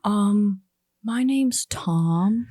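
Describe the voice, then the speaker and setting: An earnest, awkward young man, played by a woman, halts and hesitates through every line. The voice is mellow and slow, recorded close and dry. It's an improvised comedy scene. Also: mid-range voice, no room sound. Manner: hesitant, halting, full of ums.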